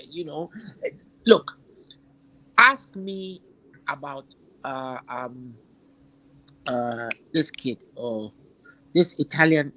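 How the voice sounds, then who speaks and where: A man's voice: on the high side, pushed and bright, low-quality recording. A man hosting a football chat, giving emphatic opinions and repeating phrases while he searches for words. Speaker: football podcast host.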